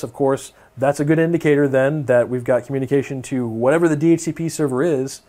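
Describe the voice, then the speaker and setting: A man's voice: medium pitch, dark tone. Young guy teaching networking stuff, laid back, lots of ums and okays. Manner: casual, filler-heavy, keeps checking in with okay. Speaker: networking instructor. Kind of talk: technical lecture over screen demo.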